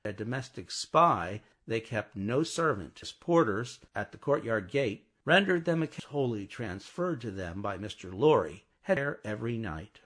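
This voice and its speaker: A man reading a classic novel aloud as an audiobook narrator, with expressive delivery. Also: on the low side, a little slow, few pauses.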